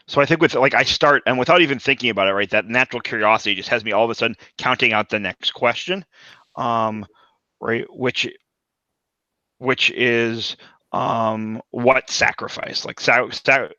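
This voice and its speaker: A man playing a tabletop role-playing game, talking in halting bursts with many restarts. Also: mid-range voice, fairly even intonation, pushed and bright, no room sound, lo-fi sound. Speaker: player.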